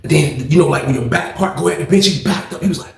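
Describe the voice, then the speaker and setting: A man telling a casual storytime, slangy and animated, acting out the people in it with a gravelly voice. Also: fairly high pitch, fast, roomy sound.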